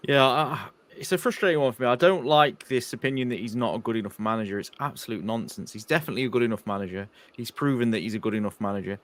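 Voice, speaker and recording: A man's voice: mid-range voice, fairly bright tone. A man co-hosting a casual fan chat, blunt and frustrated, swearing now and then.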